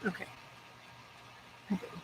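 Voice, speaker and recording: A woman's voice: unhurried, a little hiss or hum, poor audio. A young woman chatting to herself in a casual vlog, bubbly and talkative. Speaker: vlogger.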